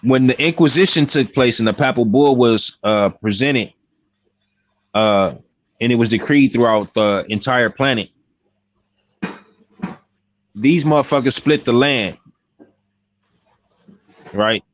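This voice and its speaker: A man's voice: medium pitch, takes it slowly, pauses often, slight background noise. A man jumping into a casual online discussion to explain something bluntly. He corrects himself mid-sentence and swears casually.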